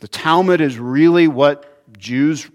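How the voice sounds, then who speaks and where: A man's voice: fairly high pitch, slow pace. A man who is a pastor, preaching a sermon in a conversational way and acting out small everyday dialogues. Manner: conversational, acts out little dialogues.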